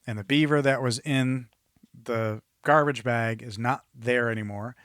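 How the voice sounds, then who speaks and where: A man's voice: mid-range voice, steady tone, a little slow, fairly bright tone, smooth, no echo, clean studio sound. A man co-hosting a podcast, chatting casually and rambling through a movie recap with laughs. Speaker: podcast co-host. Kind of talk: casual movie review chat.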